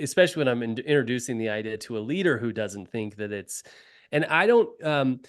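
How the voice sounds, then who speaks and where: Thoughtful man, measured talk. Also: mid-range voice. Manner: thoughtful, measured, many fillers. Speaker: podcast co-host, leadership coach. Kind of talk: casual conversation.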